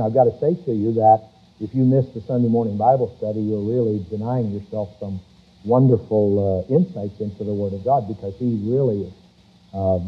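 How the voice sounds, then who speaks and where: A man preaching a sermon, reading scripture slowly and rising loud on key words. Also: on the low side, husky. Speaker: pastor. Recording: tinny phone-like church recording.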